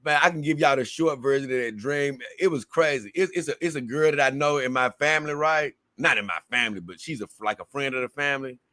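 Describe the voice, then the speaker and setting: A man's voice: medium pitch, quick pace, hardly any pauses, pushed and bright, dry recording. A man hosting a casual livestream, reading viewer comments aloud and rambling to his audience in a slangy, talkative way.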